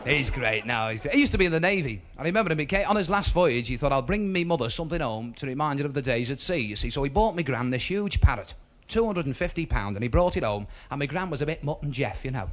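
Scouse comic, high lively voice, chatty yarns w squeaky bits, noisy crowd all round. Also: male voice, fast talker, few pauses. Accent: Liverpool. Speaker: stand-up comedian. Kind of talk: stand-up storytelling. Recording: noisy live club with crowd.

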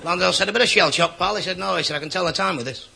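Gravelly comic telling gags. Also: male voice, high voice, rapid-fire, a faint crowd. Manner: deadpan one-liners with voiced characters. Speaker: stand-up comedian. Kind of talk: rapid-fire joke telling. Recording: noisy live club recording. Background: audience laughter.

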